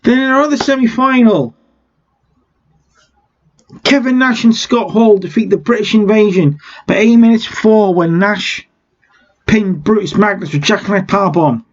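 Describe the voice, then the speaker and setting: Chatty guy recapping his game, wry asides, highish voice, muffled lo-fi mic. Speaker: game let's-player. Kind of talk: casual game commentary.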